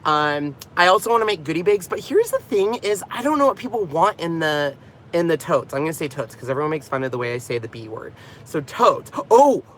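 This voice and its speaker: A man's voice: on the high side, sing-song, brisk, fairly bright tone, slight background noise. Chatty man vlogging from his car. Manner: chatty, rambling, goes off on tangents; laughs often and jokes about himself. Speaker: crafting channel host. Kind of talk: casual vlog chat.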